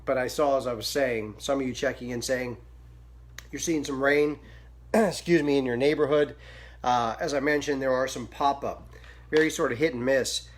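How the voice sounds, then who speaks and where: This is a man hosting a casual daily weather program, with a voice that sits in an ordinary middle pitch. He speaks informally and loosely, often pausing on fillers and going off on small asides. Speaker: weather forecaster and show host.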